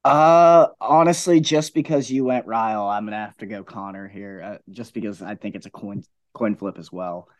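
Young male podcast co-host, low voice, matter-of-fact, dry recording. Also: normal speed, hardly any pauses, dry recording. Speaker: co-host of a high school sports podcast. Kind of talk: casual sports chat.

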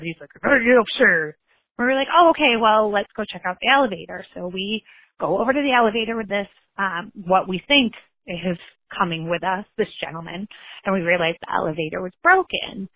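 A woman's voice: on the low side, dry recording. Woman telling a story over a tinny phone line. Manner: animated, acts out quoted voices. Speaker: caller leaving a voicemail. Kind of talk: casual storytelling.

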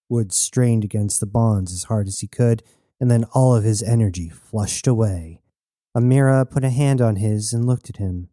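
Dark-voiced male audiobook narrator. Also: fairly low pitch, no echo, clean studio sound. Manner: steady, measured storytelling.

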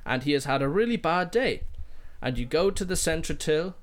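A man hosting a casual comedy podcast, playful and quick to laugh. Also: on the high side, expressive. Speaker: podcast host.

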